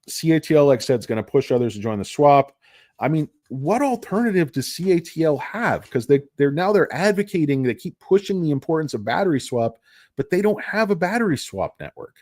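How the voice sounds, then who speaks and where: A man's voice: mid-range voice, a little mellow, no room sound, studio quality. A man giving casual, rambling stock commentary, jokey and self-deprecating. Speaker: stock market vlogger.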